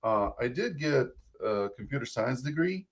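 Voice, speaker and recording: A man's voice: medium pitch, sing-song, moderate pace. A man in his thirties with an Eastern European accent, a guest telling his story in a loose, rambling, self-deprecating way. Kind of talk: casual interview chat.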